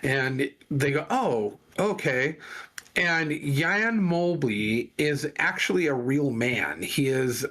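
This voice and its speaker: A man's voice: medium pitch, animated, slow, hardly any pauses, fairly bright tone. A man on a casual talk show, telling a long story with many restarts and fillers. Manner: rambling storyteller with frequent restarts. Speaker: podcast co-host. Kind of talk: casual chat.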